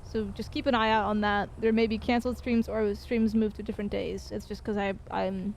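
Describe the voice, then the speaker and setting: A woman game streamer in casual chat with her viewers, loose and chatty, swearing and pausing with fillers. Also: mid-range voice, level tone, gravelly, slight background noise.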